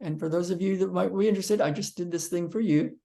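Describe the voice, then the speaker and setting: Man, physical therapist, storytelling to viewers, animated, lots of ums. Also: sits high, fast, creaky. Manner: animated storyteller, acting out quotes; frequent ums and restarts.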